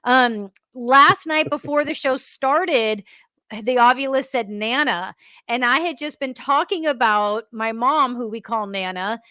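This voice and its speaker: A woman's voice: a little high, measured pace, pushed and bright, no echo, clean studio sound. A woman co-hosting a paranormal talk show, chatty and upbeat as she addresses viewers. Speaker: co-host. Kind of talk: casual panel chat.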